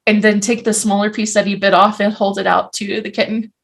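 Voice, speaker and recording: A woman's voice: mid-range voice, little pitch movement, brisk. A woman playing a tabletop game, describing her character's actions eagerly. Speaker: player.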